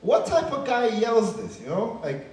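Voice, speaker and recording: A man's voice: high voice, sing-song, unhurried, darkish tone. A young man from Chicago doing a casual stand-up set, tagging lines with "man" and "right?". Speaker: stand-up comedian. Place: comedy club stage. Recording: echoey club heard from a distance.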